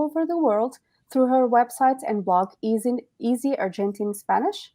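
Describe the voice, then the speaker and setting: A woman reading a brisk scripted introduction for a podcast guest. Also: on the high side, animated, dark tone, dry recording. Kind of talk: read introduction.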